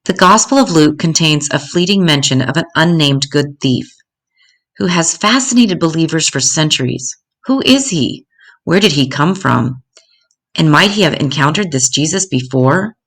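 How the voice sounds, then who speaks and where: An older woman reading a story aloud in a gentle, measured way. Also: low-pitched, lively intonation.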